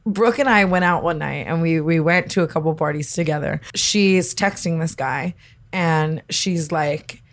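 A woman's voice: low voice, unhurried. A young woman hosting a podcast, chatting casually with blunt, teasing remarks and bursts of laughter. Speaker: podcast host.

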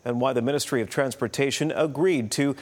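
A male news reporter reading a measured, formal preview of an upcoming news story. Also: medium pitch.

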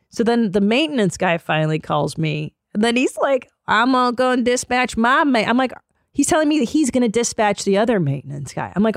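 A woman's voice: medium pitch, creaky, no room sound, studio quality. A woman podcast host telling a story in casual, profane, comedic chat and acting out both sides of the conversations.

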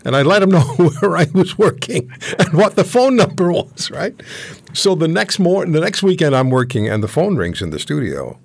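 Animated older male host. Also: a little high, normal speed, gravelly, no room sound. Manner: animated, chatty storyteller. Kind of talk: casual interview chat.

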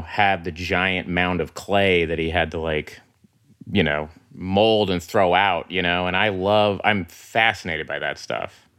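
A man from Oklahoma, a guest in a casual interview, talking in a relaxed way full of "you know" and "like.". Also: low-pitched, clear, resonant tone, no echo, clean studio sound.

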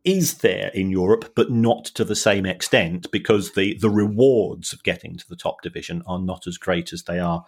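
A middle-aged man talking football money on a podcast in a fairly low voice. He explains in a halting, stop-start way and repeats words as he thinks. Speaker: football finance analyst, podcast co-host. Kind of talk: casual podcast chat.

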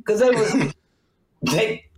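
Animated, slangy woman panelist. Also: fairly high pitch, slow pace, noisy background. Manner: animated, slangy, laughs often. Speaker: talk show panelist. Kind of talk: casual talk show banter.

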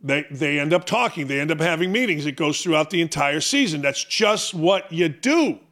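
A man's voice: on the high side, expressive, normal speed, a bit bright. A middle-aged man hosting a sports talk show, ranting in an opinionated monologue, mocking himself and hammering rhetorical questions.

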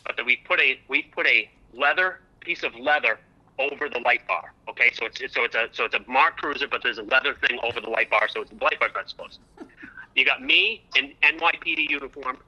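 A man calling in to a talk show, telling a long story in an excitable, rambling way and repeating himself. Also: mid-range voice, brisk, rough recording. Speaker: guest comedian. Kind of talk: animated storytelling on a call-in show.

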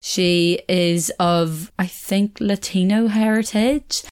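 A woman's voice: mid-range voice, steady tone, takes it slowly, darkish tone, clear, resonant tone. A young woman hosting a casual solo podcast, chatty and rambling, often correcting herself and laughing. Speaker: podcast host.

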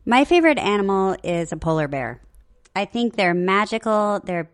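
A woman's voice: medium pitch, animated, moderate pace. Playful, teasing woman co-host. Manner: playful, teasing questions, laughs often. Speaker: podcast co-host. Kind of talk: casual chat.

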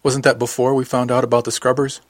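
A man's voice: medium pitch, little pitch movement, fast talker, no room sound, studio quality, close to an everyday voice. A man voicing a curious, teasing young woman crewmate in an audiobook. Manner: inquisitive, teasing.

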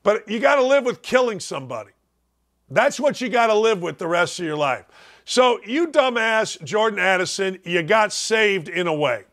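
A high-voiced older man ranting on a sports talk show. He mocks loudly and then sinks into slow, low asides to drive a point home. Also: animated. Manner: loud, mocking, dips low and drawn out for emphasis. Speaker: radio sports host. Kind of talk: opinionated sports talk rant.

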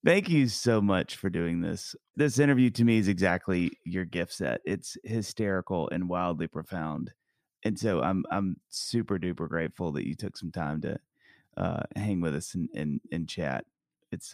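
Deep dude cohosting a podcast, goofy rambling bits, dry close mic. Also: male voice, moderate pace, a little mellow, no echo. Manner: joking, rambling storyteller. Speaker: podcast co-host. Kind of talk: casual chat.

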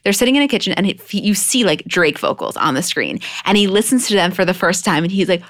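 A woman's voice: mid-range voice, expressive, quick pace, fairly bright tone. Gushing, emphatic woman podcast co-host. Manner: gushing and emphatic, swears freely. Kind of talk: casual chat.

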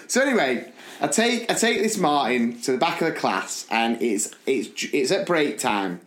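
A man, one of the podcast's hosts, telling a school story in a lively, animated way and acting out the people in it. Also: medium pitch, moderate pace, reverberant. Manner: animated, acts out the people in his stories. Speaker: podcast co-host. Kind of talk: casual storytelling chat.

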